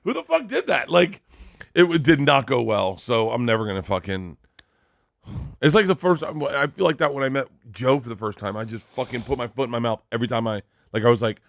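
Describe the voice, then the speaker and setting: A man hosting a podcast, telling a comic story in a rambling, animated way and swearing freely. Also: medium pitch, fast talker, vocal fry, dry recording, clean studio sound. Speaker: podcast host. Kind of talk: casual comedic storytelling.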